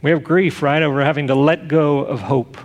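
A middle-aged man, a pastor, preaching earnestly with rhetorical questions and loud bursts of emphasis. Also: on the high side, steady tone, a little fast, in a large hall. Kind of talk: sermon.

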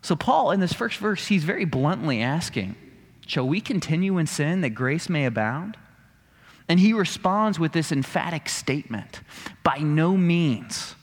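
A man's voice: a little high, big pitch swings, normal speed, husky, big-room sound. A man preaching a sermon, emphatic and full of rhetorical questions. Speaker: pastor.

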